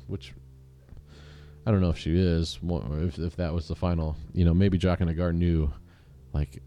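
A man's voice: deep voice, flat delivery, moderate pace, long pauses, warm tone, soft background music. A man casually recapping television episodes, rambling and joking, often restarting his sentences. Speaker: show host recapping episodes. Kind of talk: casual recap with mock quoted voices.

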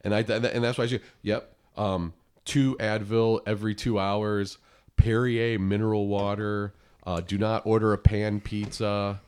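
A man co-hosting a podcast in casual chat, talking in a hoarse sick voice with a laid-back, rambling manner. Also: on the low side, flat delivery, measured pace, a little mellow. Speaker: podcast co-host.

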